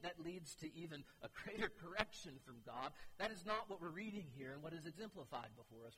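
A man's voice: on the high side, bright, forceful tone, a little hiss or hum. A young man preaching a sermon as pastor, earnest and building to emphatic pleas. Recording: hall reverb, faint ambience.

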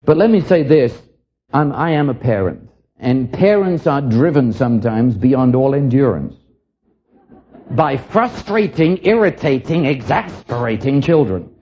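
Older man preaching earnestly, husky voice. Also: medium pitch, animated, measured pace, dark tone, muffled recording. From England. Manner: earnest, reflective, repeats words as he starts lines. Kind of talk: sermon.

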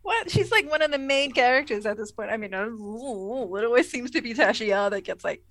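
A woman co-hosting a casual podcast, sarcastic and quick to swear and laugh. Her voice sits somewhat high, and the recording is dry and close. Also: lively intonation, a bit bright, no room sound. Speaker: podcast co-host. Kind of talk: casual chat.

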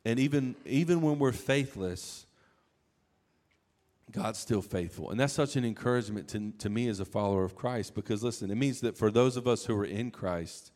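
A man preaching a sermon in a conversational, animated way, acting out quoted lines. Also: mid-range voice, moderate pace. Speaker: pastor.

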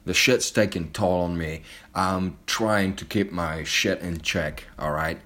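A man's voice: deep voice, takes it slowly, pushed and bright. A man delivering an angry, heavily profane monologue straight to camera, blunt and heated.

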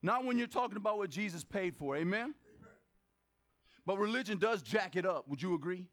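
A pastor preaching a lively sermon at a church service, asking the congregation questions, making joking asides and bursting into shouts for emphasis. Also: male voice, high voice, brisk.

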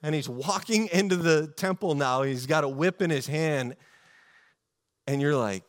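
A man preaching a sermon in a casual, animated storytelling way, with many fillers and restarts. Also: on the high side, a little slow. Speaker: pastor.

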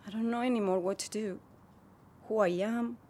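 A woman's voice: mid-range voice, steady tone, normal speed, warm tone, a little hiss or hum, natural voice. Give me an actress playing a self-doubting young woman, anxious and hesitant. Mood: doubtful. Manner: hesitant, doubtful, close to tears.

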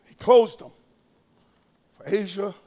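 A male pastor preaching a sermon in a folksy, conversational way, swinging between hushed asides and shouted emphasis. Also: high-pitched, slow pace.

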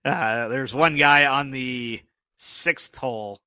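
Bright-voiced rambling male storyteller. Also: mid-range voice, slow pace, clean tone, no echo. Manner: rambling storyteller, self-deprecating jokes, apologizes often. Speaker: podcast co-host. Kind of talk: casual chat.

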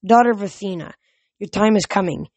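A woman voicing an ancient, fading nature god who speaks slowly and solemnly. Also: mid-range voice, darkish tone, dry recording, natural voice. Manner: slow, solemn, forlorn.

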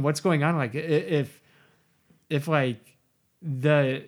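A man's voice: fairly high pitch, slow pace. A man co-hosting a casual Bible study podcast who rambles, hunts for words and acts out bits of the story. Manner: rambling and animated, full of fillers, acts out voices. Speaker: podcast co-host.

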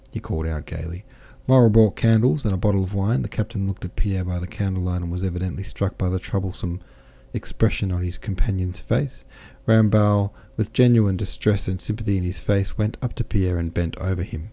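A man narrating a classic novel as an audiobook podcast host, in a measured, steady way. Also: low voice.

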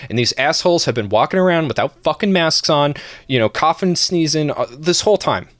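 A man's voice: a little high, brisk, no room sound. A man co-hosting a casual stream podcast, ranting with a lot of swearing. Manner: profane, animated ranting with laughs. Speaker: podcast co-host.

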